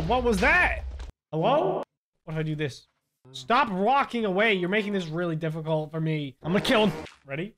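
A man's voice: high-pitched, noisy background. A young man giving playful, jokey gameplay commentary, yelping and laughing as he plays. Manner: animated, jokey, yelps and laughs often. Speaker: gaming YouTuber.

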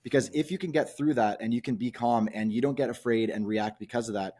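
A man's voice: medium pitch, quick pace, mellow, breathy edge. A man coaching men in a podcast discussion, earnest and persuasive, asking many rhetorical questions. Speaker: men's coach.

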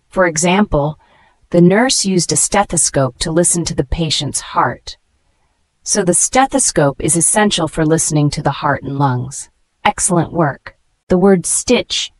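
A woman reading a scripted vocabulary lesson, spelling each word letter by letter and slowing down to pronounce it, with praise for the learner between words. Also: sits low, a little mellow, no room sound. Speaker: English vocabulary teacher.

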